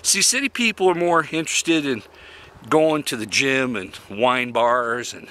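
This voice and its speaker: Unhurried and bright, with a pushed, medium-pitched voice, this RV-dwelling vlogger from Yukon, Canada, is a man in his fifties. He talks bluntly and casually in a folksy monologue full of opinions, laughing at his own jokes.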